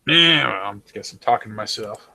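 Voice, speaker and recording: A man's voice: fairly low pitch, expressive, moderate pace, vocal fry, pushed and bright, no echo. A man talking casually and swearing a lot, rambling from story to story. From United States. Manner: rambling, profane, jumps into mocking voices. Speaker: talk show host. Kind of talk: casual chat.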